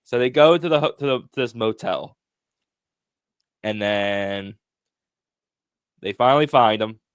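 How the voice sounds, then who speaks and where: A man's voice: mid-range voice, measured pace, smooth, dry recording, clean studio sound. A man co-hosting a casual podcast, retelling scenes with acted-out quotes, frequent laughs and swearing. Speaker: podcast co-host.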